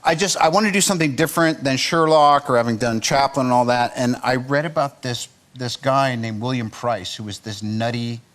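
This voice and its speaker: A man's voice: mid-range voice, fairly quick, hardly any pauses, fairly bright tone. A man, a talk show guest telling wry, rambling stories. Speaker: guest actor.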